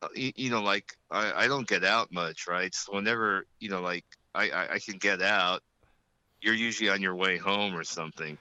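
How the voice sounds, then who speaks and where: A rambling male guest with a low pitch and a sharp, bright edge to his voice. He talks in loose, self-deprecating run-ons full of fillers, and the sound is dry and close. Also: normal speed, clean tone, no room sound, lo-fi sound. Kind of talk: casual chat. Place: at work.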